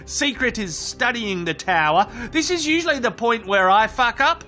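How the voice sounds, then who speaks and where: A man's voice: very high voice, expressive, normal speed, bright, forceful tone. A man with an Australian accent narrating comic voiceover, cheeky, sweary and mock-dramatic. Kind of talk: comic nature-documentary voiceover.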